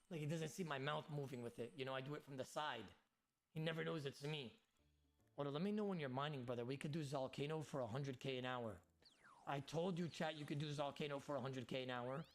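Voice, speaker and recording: A man chatting casually to his livestream chat while gaming, animated and swearing freely. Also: medium pitch. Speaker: game streamer.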